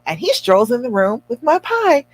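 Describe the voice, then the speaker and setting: A woman relationship coach talking casually to viewers on a livestream, telling a story in an animated, encouraging way. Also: on the high side, normal speed. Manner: chatty storytelling, animated and expressive; encouraging, addresses viewers directly.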